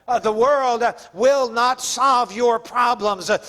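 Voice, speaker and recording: A man's voice: very high voice, takes it slowly, sharp tone. A male pastor preaching a sermon in a fervent, emphatic way.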